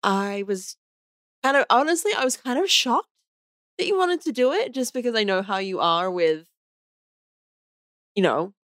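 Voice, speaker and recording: A woman's voice: on the high side, lively intonation, normal speed, long pauses, a bit bright, no echo, studio quality. A woman in her thirties from Australia, chatting casually on a podcast and laughing often. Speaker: podcast guest, host's wife. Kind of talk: casual chat.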